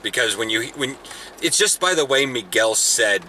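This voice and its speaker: A man's voice: medium pitch, expressive, normal speed, pushed and bright, slight background noise. A young man chatting casually in a car while vlogging, rambling with restarts and laughs. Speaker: vlogger, football player. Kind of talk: casual chat. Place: in a car, then outdoors.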